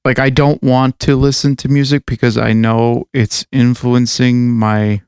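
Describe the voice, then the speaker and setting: A man co-hosting a podcast talks in a loose, rambling way, full of fillers and cursing. His voice has a gravelly edge but stays smooth and clear. The sound is dry and close. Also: mid-range voice, little pitch movement, unhurried, darkish tone, no room sound. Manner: rambling, swears a lot, many fillers. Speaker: podcast co-host and metal musician. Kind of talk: casual chat.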